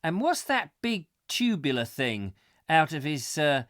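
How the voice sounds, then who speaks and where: A man's voice: fairly high pitch, very animated, measured pace, fairly bright tone, no echo, studio quality. A middle-aged man hosting a comic live chat show, rambling playfully through viewer comments with mock-macabre asides. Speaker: host.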